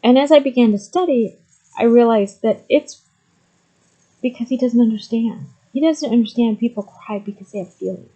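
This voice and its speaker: A woman's voice: on the high side, normal speed, dark tone, breathy edge, highs cut off. A middle-aged woman talking candidly to the camera, with frequent ums, moving between hesitant and emphatic speech. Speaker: vlogger sharing personal story. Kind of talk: candid personal talk to camera.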